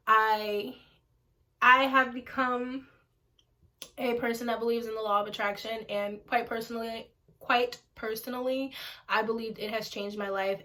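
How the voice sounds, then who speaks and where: This is candid, casual talk to camera by a woman in her twenties who is a single mother, filmed at home. Her medium-pitched voice has a fairly bright tone, and she's blunt and informal, swearing and saying things twice for emphasis.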